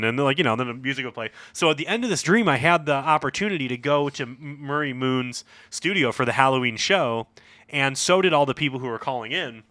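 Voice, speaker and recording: A man in his forties co-hosting a board game podcast, rambling through a story with plenty of "like" and "you know". His voice is bright and sits in a middle pitch. The sound is close and dry. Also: lively intonation, fairly quick, no echo. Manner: rambling storyteller with many fillers. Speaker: podcast co-host. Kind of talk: casual chat.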